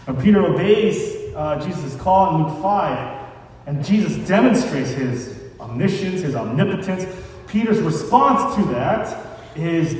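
A man's voice: fairly high pitch, lively intonation, a little slow, darkish tone, a little hiss or hum. A man preaching a sermon in a conversational way, mixing scripture reading with casual asides. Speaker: pastor. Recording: echoey hall, distant mic.

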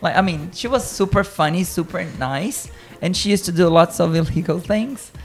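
A woman teacher tells travel stories in casual chat, animated and laughing often. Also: lowish voice, normal speed, faint music behind. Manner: lively storyteller, laughs often.

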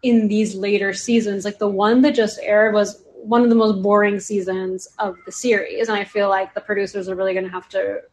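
A woman's voice: medium pitch, little pitch movement, brisk, few pauses. A woman chatting casually on a podcast, rambling and filling her talk with "like". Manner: rambling, heavy use of "like". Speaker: podcast guest or host.

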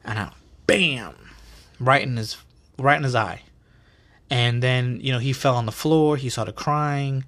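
A man hosting a podcast, telling stories in a casual, animated and profane way full of slang. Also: medium pitch, measured pace, pauses often. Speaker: podcast host. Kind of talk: casual storytelling.

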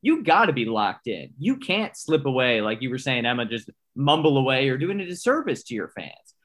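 A man's voice: medium pitch, big pitch swings, normal speed, a bit bright. A man who is a broadcaster, hosting a casual interview and asking long, rambling questions with enthusiasm. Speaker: podcast host and broadcaster.

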